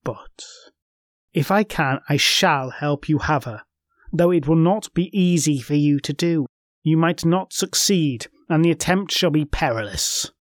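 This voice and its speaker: A man voicing a malign, cunning old witch woman who speaks slowly and secretively. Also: on the high side, no echo, studio quality, natural voice. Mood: scheming.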